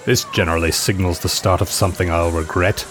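A man's voice: sits low, steady tone, quick pace, a bit bright, faint music behind. A man voicing a weary, sardonic butler, dry and exasperated.

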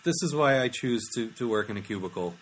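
A man's voice: mid-range voice, animated, fast talker. A man co-hosting a casual podcast, reading listener questions with wry, laughing asides. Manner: laughs often, wry, hesitant restarts. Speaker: podcast co-host. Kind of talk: casual chat.

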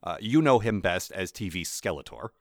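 A man with a fairly low voice that swings up and down a lot, talking casually as a podcast co-host. He laughs often and tosses in quick impressions. The recording is dry and close. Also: animated, no room sound. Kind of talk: casual chat.

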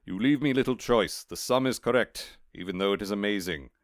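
A man reading aloud and voicing Death, a calm, measured skeletal reaper. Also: lowish voice, no echo, close to an everyday voice. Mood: solemn. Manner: measured, solemn, dry.

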